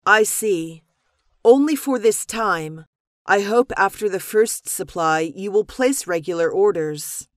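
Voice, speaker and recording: Woman, lesson dialogue reader, measured and crisp, mid pitch, dry close recording. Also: dry recording. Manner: measured, even, clearly articulated reading. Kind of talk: scripted business dialogue reading.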